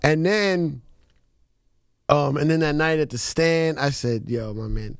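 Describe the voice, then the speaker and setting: A male radio co-host chatting casually and profanely, dropping quick agreements as he tells his own story. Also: fairly high pitch, vocal fry, clean tone, no room sound, clean studio sound. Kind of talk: casual radio interview chat. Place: radio studio.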